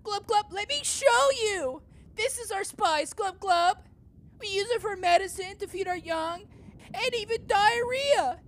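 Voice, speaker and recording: A woman voicing an excitable male goldfish king who ends his lines with "glub glub" in a comedy podcast. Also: extremely high pitch, a little slow, voice pushed up. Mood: earnest.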